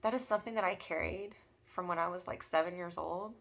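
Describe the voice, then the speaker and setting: A woman's voice: on the low side, a little fast, gravelly, fairly bright tone. A woman in her thirties talking earnestly and emotionally about personal healing, with many fillers. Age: 30s. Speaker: spiritual vlogger. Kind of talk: personal reflective monologue.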